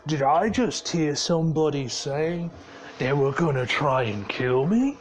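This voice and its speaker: A man's voice: on the high side, animated, unhurried, a little hiss or hum. Man doing a crude menacing ork warboss. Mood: mock outrage. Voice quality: crude, threatening ork slang.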